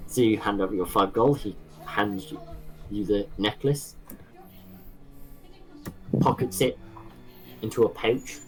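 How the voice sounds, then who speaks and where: A man's voice: on the low side, takes it slowly, long pauses, faint music behind, low-quality recording. A man acting as game master, explaining rules and scenes with many restarts. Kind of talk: narrating a tabletop game.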